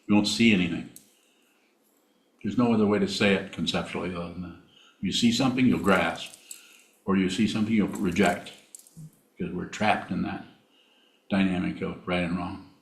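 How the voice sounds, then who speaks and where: Deep-voiced man giving a dharma talk. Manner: halting, repeats words, plainspoken. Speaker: Buddhist meditation teacher. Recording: roomy hall sound.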